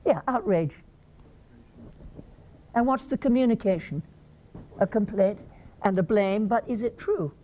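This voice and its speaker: At a conference, an English woman lectures in a mellow, medium-pitched voice, speaking a little slowly with long pauses. She puts questions to the audience and performs brief examples.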